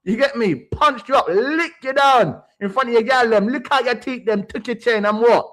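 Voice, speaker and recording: A man's voice: extremely high pitch, moderate pace, fairly bright tone. A young man hosting a livestream, ranting brashly about football with swaggering street slang. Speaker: livestream host. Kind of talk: heated fan rant.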